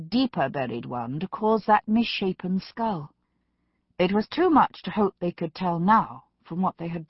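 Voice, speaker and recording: A woman narrating an audiobook in a measured storytelling manner. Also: on the low side, no echo, dull audio. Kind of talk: scripted narration.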